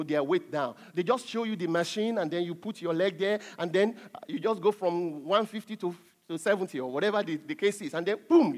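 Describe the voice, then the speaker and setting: High-voiced emphatic male preacher. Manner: emphatic preaching, drops to soft asides, chuckles. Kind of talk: sermon.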